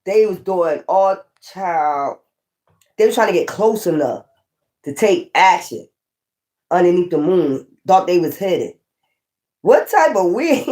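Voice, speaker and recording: A woman's voice: fairly low pitch, slow, pauses often. A woman giving a casual tarot reading, swearing often, laughing and talking straight to her viewers. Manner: profane, laughing, animated asides to viewers. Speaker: tarot reader.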